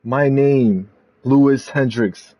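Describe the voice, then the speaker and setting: A man's voice: medium pitch, no room sound, dull audio. A man playing an arrogant veteran wrestler. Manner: boastful, measured. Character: arrogant veteran male wrestler cutting a promo.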